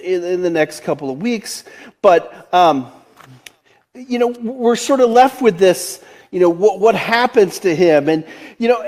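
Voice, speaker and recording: A man in his forties with a Delaware accent preaches in a high-pitched, slightly mellow voice. His sermon is casual and chatty, broken up by frequent laughter, restarted sentences and filler words.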